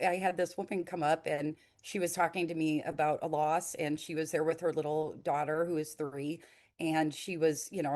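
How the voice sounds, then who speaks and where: A woman in her forties telling a story in a casual, animated way, with many fillers. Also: low voice. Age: 40s. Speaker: nonprofit founder.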